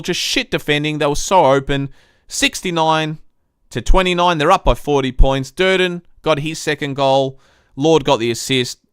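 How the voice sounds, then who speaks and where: A young man with a fairly high, smooth, clean voice recaps a football game on a live stream. He rants like a fed-up fan and swears freely. The sound is close and dry. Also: fairly bright tone, dry recording. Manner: frustrated, swearing, ranting fan. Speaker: sports review host. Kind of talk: live-stream footy match review.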